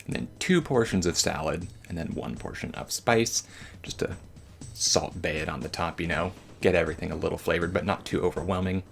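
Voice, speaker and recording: Low, gravelly man narrating gameplay. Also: a little fast. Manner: rambling, slangy and joking. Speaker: gameplay commentator. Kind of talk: casual gameplay commentary voice-over.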